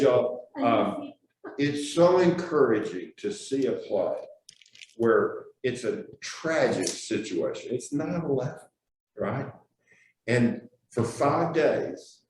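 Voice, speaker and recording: A man's voice: lowish voice, a little mellow. A man teaching an adult Sunday school class, telling stories in a chatty way, laughing often and repeating words as he goes. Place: church classroom. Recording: echoey room, far from mic, faint hiss.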